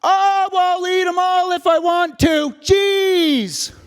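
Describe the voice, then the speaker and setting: A male stage performer voicing a loud, sassy mother who talks back indignantly. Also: extremely high pitch, slow pace, pitched above the performer's own voice.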